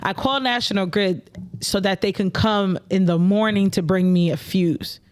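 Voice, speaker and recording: A woman's voice: medium pitch, moderate pace, smooth. A woman co-hosting a casual talk show, telling a story with lots of swearing and laughter. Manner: animated, profane, laughs while telling stories; acts out quoted voices loudly. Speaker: podcast co-host.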